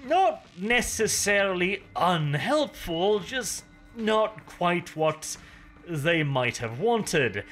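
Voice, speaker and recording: A man tells lore in a bright, slightly high voice that swings widely in pitch. He drops dry, cynical asides and swears casually as he narrates.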